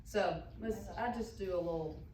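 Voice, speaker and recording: Picked up from a distance in an echoey hall, a woman leads a relaxed panel chat. She talks in a chatty, storytelling way and laughs easily. Faint ambience sits behind her. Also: fairly low pitch, moderate pace, noisy background. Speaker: panel moderator. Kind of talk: casual panel discussion.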